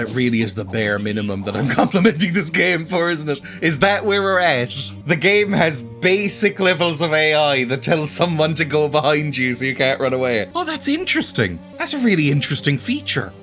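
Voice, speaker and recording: A man's voice: mid-range voice, fairly bright tone. A man giving sarcastic commentary while playing a video game, often breaking into exclamations. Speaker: gaming video creator.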